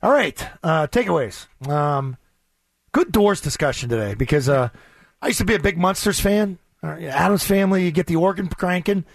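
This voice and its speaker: A man co-hosts a sports talk radio show from the studio, his high voice swinging up and down with energy. He banters casually and fills gaps with long, upbeat "uh"s. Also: lively intonation, no echo. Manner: upbeat, drawn-out fillers when reading ads.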